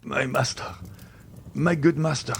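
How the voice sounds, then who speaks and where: A man's voice: mid-range voice, slow pace, vocal fry, a bit bright, a little hiss or hum, pitched above the performer's own voice. A man voicing an old male servant in pain, pleading in a raised, strained voice. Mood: agonized. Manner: pained, pleading.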